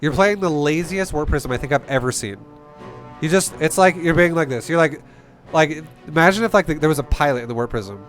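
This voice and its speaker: A young man giving blunt, profane, rambling coaching on a game. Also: on the high side. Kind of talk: casual game coaching commentary.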